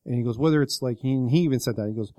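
A man's voice: mid-range voice, rapid-fire, warm tone, no echo. A man on a podcast casually retelling a story, rambling with many fillers and acting out what people said. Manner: rambling retelling with many likes and quoted voices. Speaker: podcast co-host.

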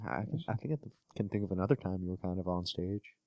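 A man's voice: deep voice, fast talker, creaky, dark tone, no echo. A man co-hosting a podcast, easygoing and teasing, who laughs often in casual chat. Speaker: podcast co-host.

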